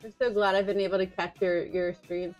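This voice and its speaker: A woman's voice: mid-range voice, flat delivery, fairly quick, darkish tone, dull audio. A young woman streaming live, chatting casually and greeting viewers by name, bubbly and giggly. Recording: with faint music behind.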